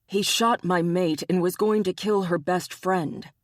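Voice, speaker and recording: A man's voice: high voice, steady tone, a little slow, no room sound, studio quality. An audiobook narrator voicing a blunt, stubborn young male bear shifter who swears and pushes back defensively.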